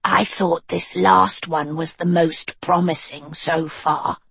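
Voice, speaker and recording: A woman's voice: fairly low pitch, steady tone, slow pace, creaky, a bit bright, slightly rough, no echo, pitched below the performer's own voice, heavily acted. A woman voicing curt, worried young witch Annadil. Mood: urging. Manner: pressing and curt.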